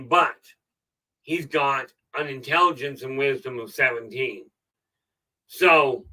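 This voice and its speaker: A middle-aged man giving a casual motivational talk on a live stream, rambling and filling pauses with "okay". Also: a little high, bright, forceful tone, far from the mic, low-quality recording. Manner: rambling, frequent "okay" fillers. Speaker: self-help live streamer.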